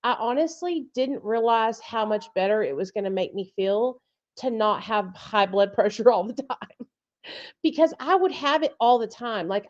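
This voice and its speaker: A woman's voice: on the high side, highs cut off. A woman hosting a casual live chat, talking bluntly with frequent swearing and laughter over a video call. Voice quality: blunt, profane, laughs often. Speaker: podcast host.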